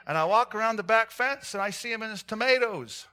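A man preaching to his congregation in a bright, slightly high voice. He tells stories with animation, rising to loud calls and sinking to hushed, earnest points. His range of loudness is wide and lively. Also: brisk, clean tone. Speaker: pastor. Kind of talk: sermon. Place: church.

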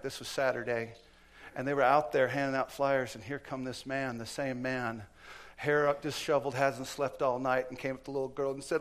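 This preacher's voice is medium-pitched as he gives a church sermon. He tells stories, acts out the quotes, and moves back and forth between booming and quiet delivery.

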